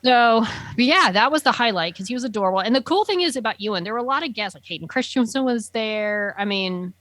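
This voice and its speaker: A woman's voice: a little high, animated, quick pace, fairly bright tone, no room sound. A woman chatting casually, telling an enthusiastic story full of fillers like "um" and "like". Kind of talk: casual chat.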